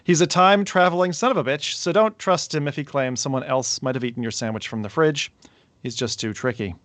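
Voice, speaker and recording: A man's voice: mid-range voice, a little fast, fairly bright tone, dry recording. A man hosting a casual podcast, introducing a co-host with playful jokes and chatting with the audience. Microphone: remote call setup.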